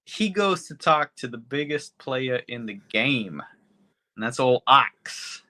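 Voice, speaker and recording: A man's voice: mid-range voice, animated, slow, bright, forceful tone. A man co-hosting a podcast, recapping a movie plot in a laid-back, rambling way. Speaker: podcast co-host. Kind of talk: casual movie review chat.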